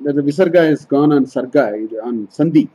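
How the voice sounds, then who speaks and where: Husky high-voiced man teaching scripture. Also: a little fast, dark tone, rough recording. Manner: explains Sanskrit verses line by line, repeating and self-correcting. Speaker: Vedanta teacher. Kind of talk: scriptural study talk.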